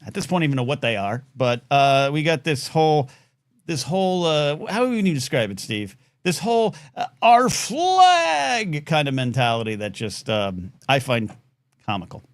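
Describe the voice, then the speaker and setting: A man hosting a live call-in talk show in a casual chat, animated, often jumping up into playful high tones with many restarts. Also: brisk, dry recording, clean studio sound.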